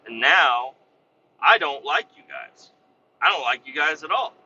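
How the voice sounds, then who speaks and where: Working-guy podcast host with a piercing, bright voice, swearing through a petty gripe; muffled lo-fi sound. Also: on the high side, lively intonation, measured pace, slight background noise. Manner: profane, exasperated, rambling. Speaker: vac truck operator. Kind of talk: casual ranting storytelling.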